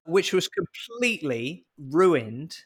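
A man's voice: on the high side, very animated, slow, husky. Man, podcast co-host, casual chat, chatty, jokey, self-mocking.

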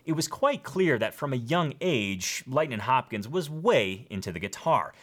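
Lively-voiced man teaching blues guitar. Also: mid-range voice, normal speed. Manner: relaxed, explanatory, counts beats aloud. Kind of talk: casual guitar lesson.

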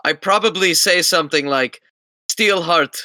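A man's voice: mid-range voice, expressive, moderate pace, sharp tone, no room sound. A man playing a tabletop game, talking earnestly and dramatically about his character's moves. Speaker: player.

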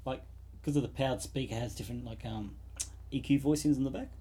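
A man's voice: mid-range voice, fast, mellow, husky. A man co-hosting a casual chat, laid-back, often trailing off and laughing. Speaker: podcast co-host. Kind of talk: casual chat about guitar pedals.

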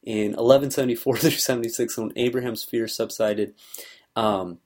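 A man's voice: mid-range voice, steady tone, moderate pace, darkish tone. A man giving an earnest, conversational talk on scripture, explaining things in a loose, searching way. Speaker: religious speaker.

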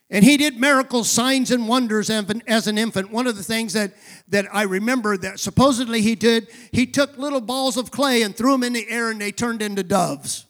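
A male pastor preaching a sermon, calling for responses from the congregation and rising to shouted emphasis. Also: extremely high pitch. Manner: drops to a quiet aside voice for asides.

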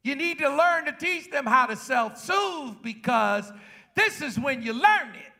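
A pastor preaching a sermon to his congregation. He calls out to the crowd and builds up into shouts. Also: extremely high pitch, lively intonation, unhurried, creaky. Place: church.

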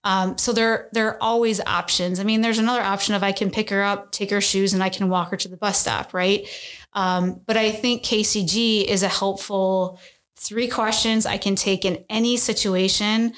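An earnest woman in her thirties talks as a guest on a casual podcast. She explains her points patiently and often checks in with a quick "right?". Her voice sits at a middle pitch. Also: fairly even intonation, a bit bright. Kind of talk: casual interview.

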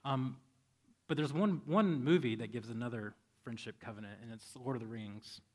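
A man preaching a sermon as pastor, conversational and storytelling, softening into prayer. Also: medium pitch, moderate pace. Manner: conversational, animated when storytelling, soft when praying. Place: church. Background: faint band music.

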